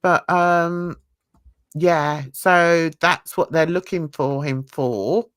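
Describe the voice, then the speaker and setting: Dry, slow-talking woman host. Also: deep voice, clean tone, no echo. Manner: animated, laughing, restarts and trails off. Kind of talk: rambling casual storytelling.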